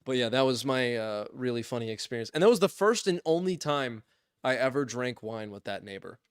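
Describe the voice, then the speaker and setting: A young man casually telling a funny story on a podcast, lively, acting out what others said and laughing often. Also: medium pitch, brisk, clean tone, no room sound, clean studio sound. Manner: animated, acts out quotes in voices, laughs often. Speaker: podcast co-host.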